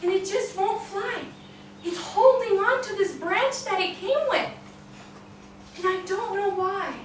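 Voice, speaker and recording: A woman's voice: very high-pitched, measured pace, slight background noise, voice pushed up. A woman storyteller voicing an anxious male head falconer who apologizes and pleads, in an echoey room from far off. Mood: apologetic.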